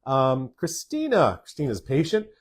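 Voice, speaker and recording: A man's voice: mid-range voice, wildly swooping pitch, a little slow. A man, a doctor hosting a live stream, casually answers viewer questions and stresses points by repeating words.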